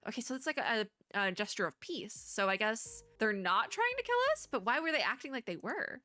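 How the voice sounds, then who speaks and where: A woman's voice: on the high side, sing-song, a little fast, pushed and bright. A woman with a strained throat reading a story game aloud and rambling through casual commentary with frequent laughs. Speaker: streamer playing a story game.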